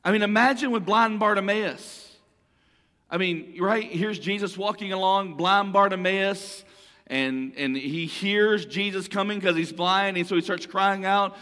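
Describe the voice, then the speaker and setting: A man's voice: high-pitched, measured pace, bright, forceful tone, big-room sound. A man preaching a sermon in a conversational way, often repeating and restarting phrases. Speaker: pastor.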